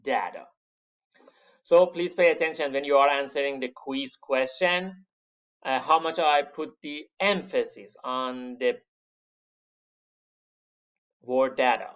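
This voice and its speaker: A man giving a university lecture to his students, halting with many fillers, stressing key words and calling the class "my friends". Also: mid-range voice, a bit bright, smooth. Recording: dull lo-fi lecture recording.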